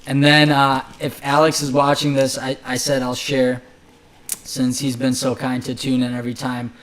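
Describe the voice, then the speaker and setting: A man's voice: mid-range voice, completely flat delivery, moderate pace, fairly bright tone. A man who is a chef, chatting loosely about cooking on a podcast with many fillers and restarts. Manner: loose, rambling, filler-heavy. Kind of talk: casual chat.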